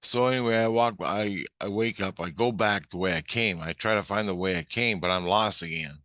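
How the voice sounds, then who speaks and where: A man's voice: lowish voice, a little fast, fairly bright tone, no echo, clean studio sound. A middle-aged man telling a rambling, profane story about a strange experience, agitated and full of restarts. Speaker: vlogger recounting a spiritual experience.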